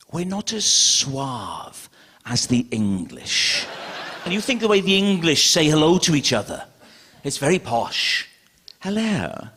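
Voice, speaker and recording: A man's voice: high-pitched, a bit bright, slightly rough, in a large hall. A Welsh man talks casually and jokily, often laughing as he goes. He slips into playful mimicry of how others speak. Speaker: interviewee. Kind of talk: casual chat.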